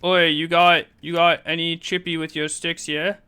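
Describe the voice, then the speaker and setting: A man's voice: a little high, flat delivery, moderate pace, sharp tone, clear, resonant tone. A man voicing a cheeky mock-British bloke in exaggerated slang. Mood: teasing. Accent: put-on British.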